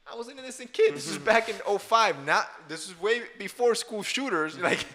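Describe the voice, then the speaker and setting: Bright-voiced young man telling a story. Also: sits high, brisk. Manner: animated storyteller, laughs often. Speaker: podcast co-host. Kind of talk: casual podcast chat.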